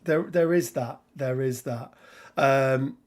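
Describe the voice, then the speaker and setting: A man's voice: mid-range voice, slow, a little mellow. A middle-aged man from England hosting a casual live stream, rambling and greeting viewers by name. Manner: chatty, rambling, reads out viewer names. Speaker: host.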